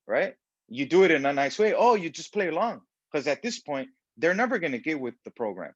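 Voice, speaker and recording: A man giving a motivational self-help talk in a preachy, animated way, acting out the voices of people he quotes. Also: on the high side, fairly quick, dry recording. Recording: dull lo-fi sound.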